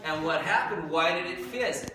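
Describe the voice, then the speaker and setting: A man's voice: on the high side, normal speed, a crowd in the background. A male science teacher giving a classroom demonstration, joking and checking in with his students as he works. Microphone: far camera. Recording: echoey classroom from far off, noisy.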